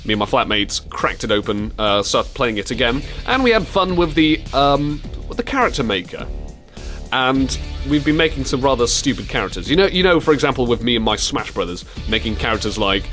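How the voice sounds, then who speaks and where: A man's voice: mid-range voice, sing-song, fairly quick, a bit bright, soft background music. A young man hosting a radio show, chatting casually, often giggling and slipping into silly voices. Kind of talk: casual chat.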